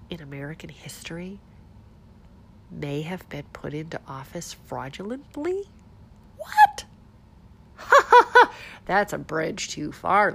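A woman with a stuffed-up nose talks straight to her audience in a casual commentary show. Her delivery is sarcastic and animated, full of rhetorical questions and mock disbelief. Her pitch sits in a middle range. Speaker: political commentary host.

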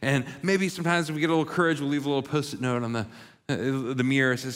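A man's voice: mid-range voice, steady tone, fast, a bit bright. A man preaching a sermon, telling a story and acting out the voices of its characters. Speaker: pastor. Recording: long reverb of a large hall.

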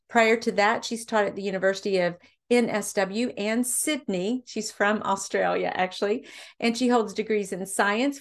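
A woman hosting a faith podcast, introducing her guest and asking questions with gushing enthusiasm. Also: medium pitch. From Kentucky, USA. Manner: gushing, effusive. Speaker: podcast host.

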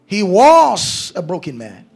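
A man's voice: sits high, huge pitch swings, takes it slowly, vocal fry, a little mellow, soft background music. A male preacher delivering a sermon, emphatic and repeating his key phrases.

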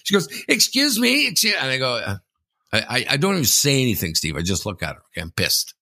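A man from Canada co-hosting a casual sports podcast, telling an animated story, often calling the host by name and putting on high voices for others. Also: fast talker.

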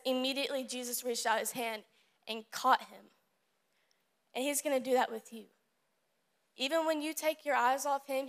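A woman's voice: sits high, fairly bright tone. Earnest young woman giving a youth devotional. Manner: earnest, casual and repetitive. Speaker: youth service speaker. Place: room with a youth audience.

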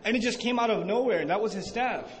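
A man with a high-pitched voice gives a religious lecture to a live audience. He keeps asking the room questions and answering them, and acts out quoted speech with rising emphasis. The recording is echoey, with faint background noise. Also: fast talker. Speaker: Islamic teacher.

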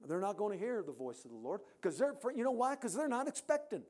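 A man preaching a sermon in a church, emphatic, rising to loud peaks and dropping to quiet endings. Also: high voice, animated, quick pace.

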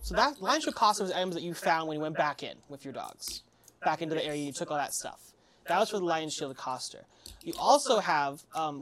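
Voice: medium pitch, a bit bright. Brief: easygoing tabletop game narrator, loose and rambling. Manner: rambling, many fillers and restarts. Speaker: game master.

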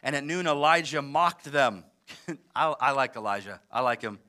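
A man preaching a sermon as pastor, moving between forceful emphatic passages and conversational asides. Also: mid-range voice, animated, moderate pace. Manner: preaches with rising intensity, mixes emphatic and conversational. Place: church service in a large theater.

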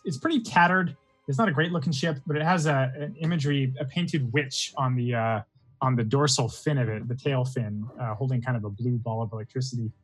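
A man narrating a tabletop game as game master, relaxed and full of fillers. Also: mid-range voice, low-quality recording. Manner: relaxed, rambling with many fillers.

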